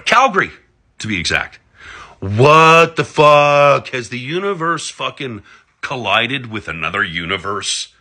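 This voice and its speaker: Brief: middle-aged man, lower voice, bright and husky, sarcastic profane rant. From Alberta, Canada. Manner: sarcastic, heavy swearing, big pitch swings. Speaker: political commentator. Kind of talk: profane ranting monologue.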